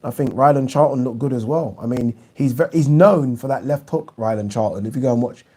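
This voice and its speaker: A man's voice: mid-range voice, a little fast, dark tone. A man hosting a live boxing review, giving blunt opinions and answering viewer questions in casual, restart-filled talk. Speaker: boxing channel host.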